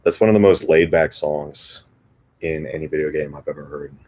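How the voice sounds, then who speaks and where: A man's voice: very deep voice, moderate pace, darkish tone. A young man casually chatting with viewers on a livestream, reading comments and joking around between songs. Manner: laid-back, joking, chuckles often. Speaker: livestream host and guitarist.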